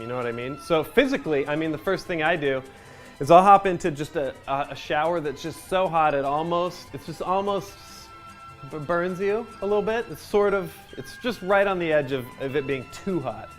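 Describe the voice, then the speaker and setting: A man with a slightly high voice reads a question, then answers in mock-earnest deadpan with a lively, swinging pitch. Faint music plays underneath. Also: fairly quick. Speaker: host.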